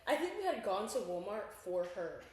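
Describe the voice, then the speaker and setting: Quick young woman in an echoey room. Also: mid-range voice, very animated, darkish tone. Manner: chatty, jumps in to add details. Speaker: podcast co-host. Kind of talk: casual chat. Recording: echoey room with faint noise.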